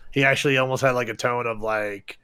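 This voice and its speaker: Male DM, mid pitch, casual laid-back narration, dry close mic. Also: fairly even intonation, brisk, pushed and bright, smooth, no echo. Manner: casual, laughing often, loose and chatty. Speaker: dungeon master. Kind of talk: narrating a tabletop game.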